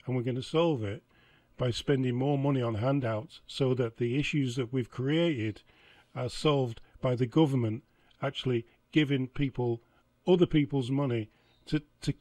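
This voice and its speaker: A man's voice: mid-range voice, warm tone, no room sound. A man hosting a reaction channel, exasperated and sarcastic as he comments on clips. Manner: exasperated, sarcastic, laughs often.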